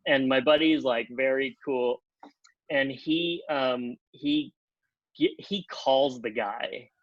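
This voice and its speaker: A man telling a long anecdote on a podcast, animated, acting out the other people in pitched-up voices and leaning on "like" as he talks. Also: slow pace, dry recording, muffled recording. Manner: animated, acts out quotes in pitched-up voices, many "like" fillers. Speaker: podcast guest, TV comedy writer. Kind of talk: casual storytelling.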